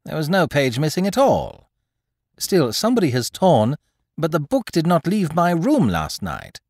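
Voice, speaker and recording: A man's voice: fairly high pitch, huge pitch swings, normal speed, a little mellow, no echo, clean studio sound, voice pushed up, exaggerated voice. A man voicing a sad, resigned young noblewoman who gives polite, hesitant answers in an audiobook. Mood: answering.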